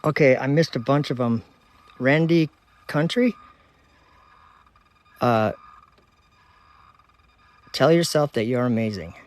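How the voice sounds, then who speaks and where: At night and outdoors, a Minnesota man hosts a laid-back livestream, speaking into his phone. He reads viewers' comments aloud in a warm, easygoing way, laughing readily, with a typical mid-range male pitch. He talks slowly and pauses often.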